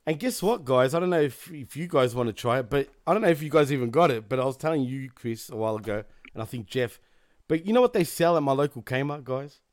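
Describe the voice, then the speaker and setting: A man's voice: mid-range voice, animated, fast talker, dry recording, clean studio sound. Laughing man, casual chat. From Australia. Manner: laughs often, swears, jokey. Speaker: podcast co-host.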